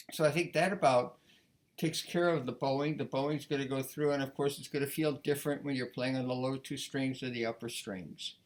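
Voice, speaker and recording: A man giving a casual violin lesson, talking in a relaxed, rambling way with frequent restarts. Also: medium pitch. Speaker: violin teacher.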